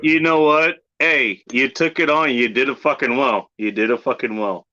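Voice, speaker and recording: A man hosting a casual chat, relaxed, swearing often and repeating himself. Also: mid-range voice, moderate pace, muffled recording.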